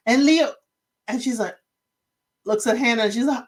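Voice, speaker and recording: A woman recapping a reality show in casual chat, retelling scenes with lively, acted-out quotes. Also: fairly high pitch, fairly quick, long pauses. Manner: animated storytelling, acting out quotes.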